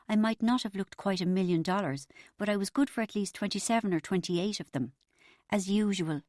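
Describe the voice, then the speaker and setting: A woman narrating a comic novel as an audiobook, telling it in a wry, lively way. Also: on the low side, no echo, studio quality.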